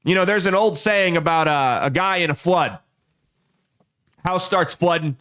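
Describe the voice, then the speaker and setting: Opinionated man with a fairly high voice. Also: a bit bright. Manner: folksy storytelling with quick voices for people in the anecdotes. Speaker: podcast host. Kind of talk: opinionated political commentary.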